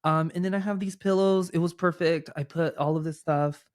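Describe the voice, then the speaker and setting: A young man hosting his own podcast from a room at home, talking casually at a desk microphone in a chatty, animated way, full of fillers. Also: fairly high pitch, moderate pace, dry recording, clean studio sound. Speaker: podcast host. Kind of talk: casual chat.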